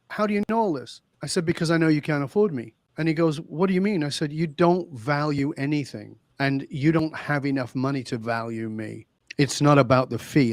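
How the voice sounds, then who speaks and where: A man's voice: fairly high pitch, dry recording, clean studio sound. A middle-aged man coaching leaders, telling blunt stories in an interview and acting out both sides of each exchange. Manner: blunt, emphatic, acts out both sides of dialogues. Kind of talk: storytelling in an interview.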